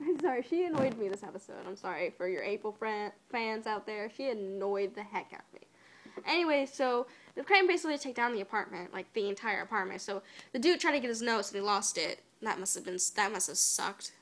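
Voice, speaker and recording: A woman's voice: a little high, a bit bright. A woman giving a casual spoiler review of a cartoon episode, chatty and exasperated, full of "like" and whispered asides.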